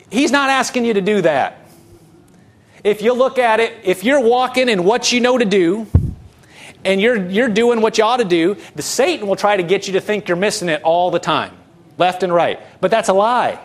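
A middle-aged pastor with a high voice preaches in an easy, conversational way. He is earnest, poses rhetorical questions to his listeners, and often restarts his sentences. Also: expressive, normal speed. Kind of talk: conversational sermon.

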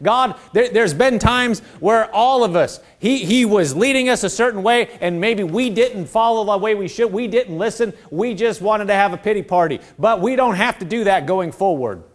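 A man's voice: high-pitched, moderate pace, few pauses. A middle-aged man, a pastor, preaching a sermon, quoting scripture and calling for responses from the congregation.

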